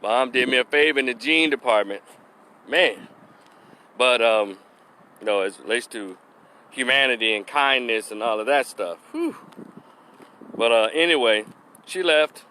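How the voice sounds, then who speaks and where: A man telling a personal story, animated, laughing and acting out the voices of the people in it. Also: medium pitch, moderate pace, pauses often, a little hiss or hum. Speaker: vlogger. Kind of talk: casual storytelling vlog.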